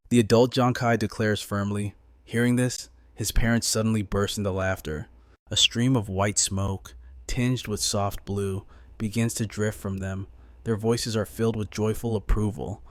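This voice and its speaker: A man narrating a comic story recap in a measured, dramatic storytelling manner. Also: fairly low pitch, steady tone, dry recording.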